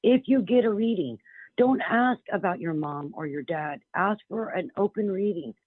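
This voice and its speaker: A woman's voice: medium pitch, lively intonation, normal speed, breathy edge, dry recording. A woman calling in as a psychic medium guest, talking bluntly and emphatically with frequent restarts. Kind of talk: phone-in radio interview. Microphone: telephone. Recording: tinny phone line.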